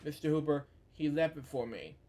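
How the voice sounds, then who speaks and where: A man reading the lines of a gentle adult shopkeeper from a book, softly and hesitantly, with fillers. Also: fairly high pitch, lively intonation, normal speed, lightly acted. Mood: reassuring.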